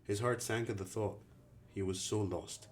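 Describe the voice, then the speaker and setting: A man narrates an audiobook in a deep, low voice. His storytelling stays even and steady throughout. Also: moderate pace, slight background noise. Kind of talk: audiobook reading.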